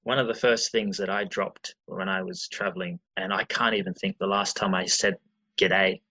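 An Australian man hosting a podcast, asking relaxed questions and chiming in during a casual chat. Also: low-pitched, moderate pace, slightly rough, rough recording. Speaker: podcast host.

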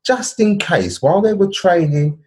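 A lively man tells a football story on a casual podcast, his voice sitting a bit high and swinging widely in pitch. He keeps checking in with his co-host, tagging "yeah?" and "bro" onto his points. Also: moderate pace. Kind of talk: casual chat.

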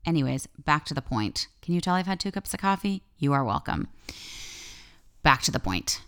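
Low gravelly woman chatting candidly. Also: sing-song, normal speed, fairly bright tone, no echo, studio quality. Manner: chatty and candid, swears freely; wandering off on tangents. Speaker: podcast host. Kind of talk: casual solo podcast monologue.

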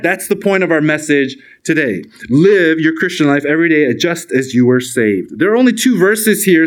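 A man preaching a sermon as pastor, earnest and emphatic, speeding up and then slowing to stress key words. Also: fairly high pitch. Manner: earnest, emphatic, shifts between fast and slow deliberate delivery.

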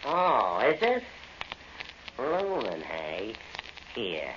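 A man's voice: on the low side, huge pitch swings, very slow, fairly bright tone, full character voice. A man playing Bodge, a gleeful sly demon. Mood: coaxing. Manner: taunting, giggling, wheedling. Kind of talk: old-time radio drama acting. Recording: dull lo-fi old radio recording with faint hiss.

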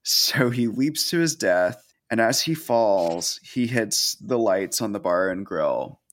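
Male co-host, lowish voice, dry sarcastic storyteller. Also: expressive, takes it slowly. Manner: sardonic, profane storytelling. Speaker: podcast co-host. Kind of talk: casual chat retelling a horror story.

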